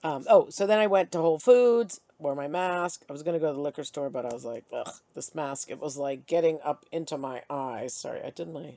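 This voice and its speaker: A middle-aged woman vlogging, chatty and animated as she tells and vents about her day. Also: sits low, fairly quick, hardly any pauses, no room sound. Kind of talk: casual storytelling to camera.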